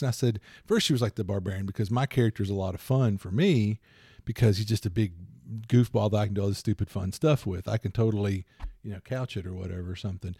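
A man with a gravelly, mellow voice rambles happily through tabletop game stories. His co-hosting chat is casual and lively. The sound is close and dry. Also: lowish voice, no room sound. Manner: rambling, animated storytelling with laughs. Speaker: podcast co-host and game master.

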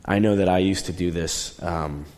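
A young adult man preaching a sermon in a conversational way, moving between raised, emphatic lines and quiet, low asides. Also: steady tone, moderate pace. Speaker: pastor.

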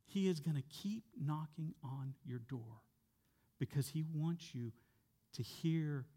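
A male pastor preaching a sermon in a conversational way, sometimes dropping soft and slow for emphasis. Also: a little high, breathy edge. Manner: conversational with fillers and repeated words.

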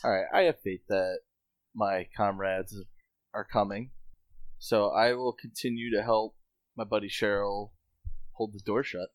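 A man playing a tabletop role-playing game, stating his moves and asking tactical questions deliberately. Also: lowish voice, fairly even intonation, no echo. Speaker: player.

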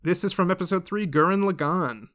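A man's voice: sits high, a little fast, a bit bright. Playful man hosting a quiz. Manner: playful, laughs between questions. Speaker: quiz host. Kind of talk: casual podcast chat.

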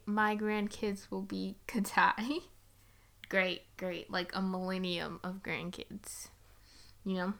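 A young woman giving a casual movie review, chatty and sarcastic, with frequent giggles and rambling asides. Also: on the high side.

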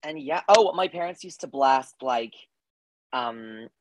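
A young adult podcast co-host telling personal stories in casual chat, with quick self-deprecating asides. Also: medium pitch, lively intonation, noisy background.

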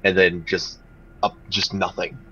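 A man playing a tabletop role-playing game, making flat, matter-of-fact remarks. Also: sits low, a little slow, lo-fi sound, noisy background. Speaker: player. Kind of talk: casual tabletop play.

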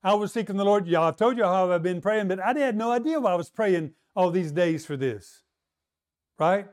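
Animated and a little mellow, this man's voice sits high as he preaches at a moderate pace. He shares a personal testimony in an earnest storytelling manner, addressing the congregation directly.

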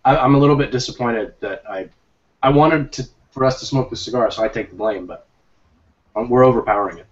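A man co-hosting a casual tasting chat, laid-back and joking, often clearing his throat. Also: mid-range voice, brisk, recorded from a distance. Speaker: co-host of a cigar pairing show. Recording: dull lo-fi audio.

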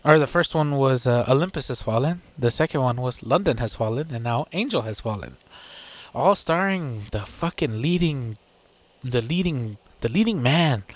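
Brief: male solo show host, crude and sarcastic, mid-range voice, loose off-the-cuff rant. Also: mid-range voice. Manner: profane, sarcastic ranting with laughs and filler. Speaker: podcast host.

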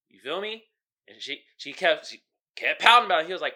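A male podcast host giving casual, slangy commentary, animated and often asking "you feel me". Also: a little high, fast. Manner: animated, acts out quotes loudly.

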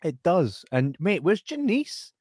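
A man's voice: high voice, very animated, slow pace, darkish tone, dry recording, studio quality. Sweary Scottish man co-hosting a podcast. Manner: sweary, jokey, reads viewer comments aloud. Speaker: podcast co-host. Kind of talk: casual late-night podcast chat.

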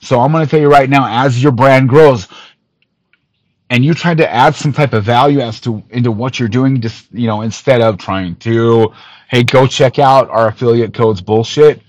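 A man hosting a podcast, ranting in an angry callout with lots of swearing, missing some teeth, swinging from loud outbursts to low muttering. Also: normal speed, dry recording, rough recording. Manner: profane, heated, swings from shouting to low muttering. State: missing teeth, awaiting dental work. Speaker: podcast host.

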